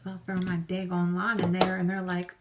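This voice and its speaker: A woman's voice: lowish voice, monotone, fairly quick, noisy background. A woman chatting casually in a rambling, self-deprecating and folksy way while doing her makeup on camera. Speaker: makeup vlogger. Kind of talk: casual get-ready-with-me chat.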